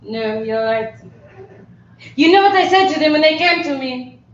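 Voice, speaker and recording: A woman's voice: a little high, completely flat delivery, takes it slowly, darkish tone, a little hiss or hum, voice pushed down. A woman voicing a brash, defiant younger French sister with an exaggerated fake French accent in an improv comedy scene. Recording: echoey theater, dull sound.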